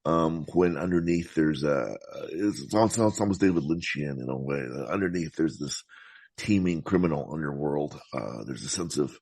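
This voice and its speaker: A man talking about films as a podcast guest, in a thoughtful, meandering way with frequent halting restarts. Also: a bass voice, darkish tone, breathy edge, dry recording. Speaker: podcast guest, film critic. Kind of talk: casual film discussion.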